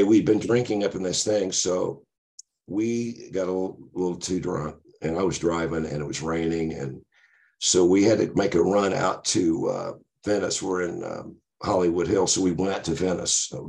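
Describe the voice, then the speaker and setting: A man's voice: sits low, vocal fry, darkish tone. An older man, a musician guest, telling a rambling, laughing anecdote with lots of fillers.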